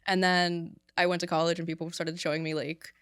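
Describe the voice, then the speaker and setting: A woman's voice: on the low side, little pitch movement, brisk, fairly bright tone, smooth, dry recording, studio quality. A woman hosting a music podcast, chatting casually and agreeably with her guest. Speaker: podcast host. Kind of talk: casual interview chat.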